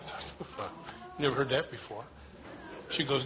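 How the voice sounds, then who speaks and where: A man telling a casual, self-deprecating story to a church group in a relaxed way. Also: mid-range voice, moderate pace, long pauses. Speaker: church member sharing a story. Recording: dull lo-fi sound with faint noise.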